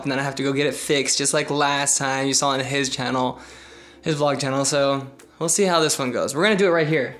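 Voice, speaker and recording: A man's voice: medium pitch, fairly bright tone. A young man vlogging casually to a handheld phone camera at home, playful and chatty. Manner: playful, chatty, laughs often. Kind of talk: casual vlog talk to camera. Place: indoors at home. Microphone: phone camera held by hand.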